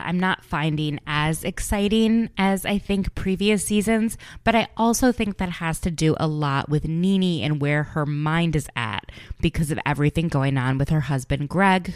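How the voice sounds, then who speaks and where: A woman hosting a podcast, recapping reality television in an animated, gossipy way and acting out the cast members' quoted lines. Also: sits low, clean tone, no room sound, clean studio sound. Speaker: podcast host.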